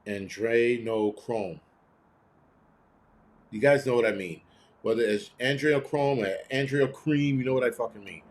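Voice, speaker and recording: A man hosting a casual live stream, talking bluntly and swearing freely as he responds to viewer comments. His voice sits in an ordinary middle pitch. He slips into quick imitations of people he is describing. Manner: profane, ranting, blunt; mimics others in quoted voices.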